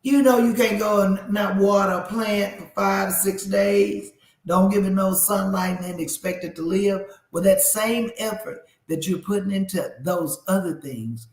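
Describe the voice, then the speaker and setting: High-voiced man giving folksy radio advice. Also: roomy sound, low-quality recording. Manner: folksy, preachy, talks straight to listeners. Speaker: radio show host. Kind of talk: casual faith-based radio talk.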